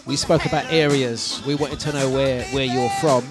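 A man hosts a radio breakfast show from the studio, bantering playfully with listeners, laughing a lot and sing-songing his announcements. His mid-range voice keeps a steady tone at a moderate pace, with faint music behind him.

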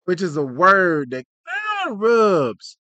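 Animated, slangy man podcast co-host. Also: high voice, takes it slowly, no room sound, lo-fi sound. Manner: animated, slangy, plays out skits. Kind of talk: casual podcast chat.

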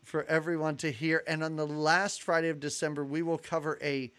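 A man's voice: a little high, flat delivery, a little fast, fairly bright tone. A man co-hosting a podcast in casual chat, laughing often as he runs through upcoming episodes. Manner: chatty, laughs often, announces schedule. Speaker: podcast co-host.

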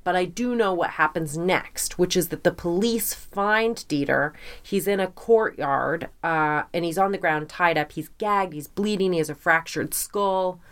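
A woman with a fairly low voice tells a true crime story in loose, casual podcast chat. She is animated, often slips into quoting people, and peppers her telling with fillers and blunt asides. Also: a little slow, few pauses. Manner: lively, quotes people in voices, swears, filler-heavy.

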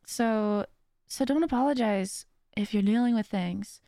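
A woman's voice: mid-range voice, unhurried, mellow, no room sound, clean studio sound. A woman hosting a podcast, talking earnestly in a casual, rambling monologue with many restarts. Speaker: podcast host.

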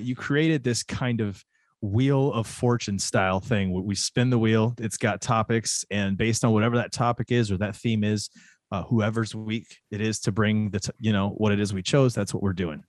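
A man's voice: on the low side, steady tone, normal speed, no room sound. Rambling male podcast host, dry sound. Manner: loose, rambling, with fillers and restarts. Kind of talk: casual wrestling podcast chat.

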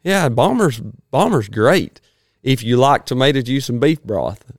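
A man, hosting a casual chat in a rambling, folksy way and clearing his throat often. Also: medium pitch, animated, unhurried, no echo, clean studio sound.

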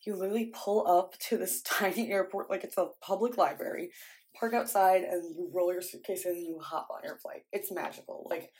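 A woman's voice: medium pitch, a little mellow. Young woman, chatty vlogger, from the Midwest, rambling and exasperated, filler-heavy casual talk. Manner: frequent "like" fillers. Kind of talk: casual vlog chatter while packing.

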